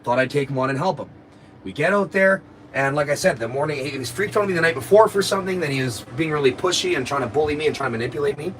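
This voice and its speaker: A man's voice: on the high side, quick pace, a little hiss or hum, rough recording. A man, a live streamer, telling his viewers a story in a rambling, profane and aggrieved way.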